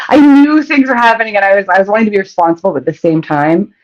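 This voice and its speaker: A sex advice show host tells a candid story in casual conversation, often laughing mid-sentence and restarting phrases. The voice is medium-pitched, fast, and lively in intonation, though the audio sounds dull and muffled.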